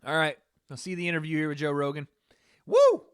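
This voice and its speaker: A man hosting a live stream, giving relaxed, rambling reaction commentary and talking to his chat. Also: a little high, rapid-fire, slight background noise.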